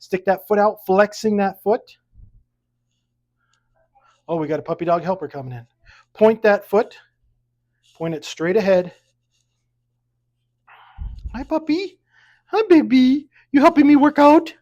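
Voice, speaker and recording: Fitness instructor, seated exercise class, counts reps aloud, upbeat coaching, light jokes, mid-range pitch, recorded at home. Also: normal speed, long pauses, darkish tone. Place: at home with pets around.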